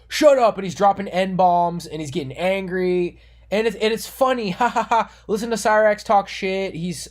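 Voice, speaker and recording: A man delivering an earnest, moralizing monologue as an online commentator. He repeats himself and restarts words as he talks. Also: a little high. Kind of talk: monologue rant.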